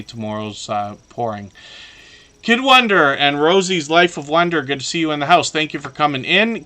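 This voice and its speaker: Bright-voiced chatty man hosting a stream. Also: mid-range voice. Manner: rambling, chatty, frequent fillers. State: slightly hoarse, tired voice. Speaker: live stream host. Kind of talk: casual live stream chat.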